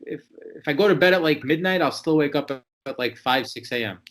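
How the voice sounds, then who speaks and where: A man's voice: fairly high pitch, expressive, a little fast, fairly bright tone, low-quality recording. A man talking casually in a discussion, rambling with many fillers and asides.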